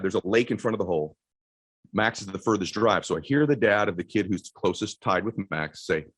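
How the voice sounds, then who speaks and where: A man in his forties giving a motivational speech to a live audience, telling a story with quick, energetic delivery and loud shouts at the high points. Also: no room sound. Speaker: motivational keynote speaker. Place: event stage before a live audience.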